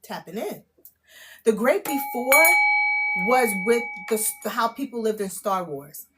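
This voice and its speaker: A woman giving a live-streamed spiritual reading, excitable and casual, swearing, laughing at herself and often checking in with "okay?". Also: fairly high pitch, measured pace, very noisy. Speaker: spiritual tarot reader. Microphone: phone or camera mic on a live stream.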